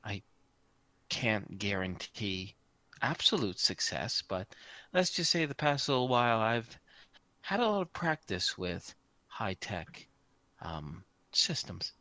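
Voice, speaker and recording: A man voicing a snooty male hacker in a tabletop game, talking in a fussy, hesitant, high voice. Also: very animated, takes it slowly, bright, forceful tone, no room sound, heavily acted. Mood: cautious.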